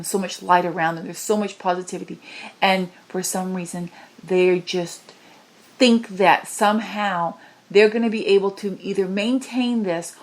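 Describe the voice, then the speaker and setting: A woman channels a spiritual message, pleading passionately as her voice rises from low murmurs to high cries.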